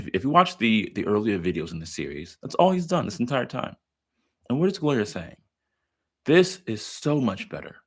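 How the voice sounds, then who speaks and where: Male therapist-educator, deep and husky, emphatic explainer. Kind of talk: commentary on a therapy film clip.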